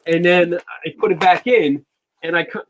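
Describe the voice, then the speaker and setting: A man's voice: high-pitched, moderate pace, a little hiss or hum, poor audio. A man hosting a casual live stream, groaning and exclaiming while eating a very hot chip. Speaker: host.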